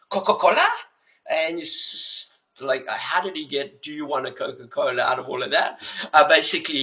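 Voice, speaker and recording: An older man with a South African accent, telling casual, animated stories full of fillers and acting out the dialogue. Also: a little high, low-quality recording. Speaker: judo historian recounting memories. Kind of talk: casual storytelling.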